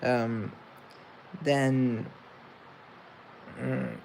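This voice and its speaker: Gravelly, rambling young man vlogging. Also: mid-range voice, unhurried, a little mellow, slight background noise, rough recording. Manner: rambling, self-deprecating. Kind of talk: casual self-recorded chat.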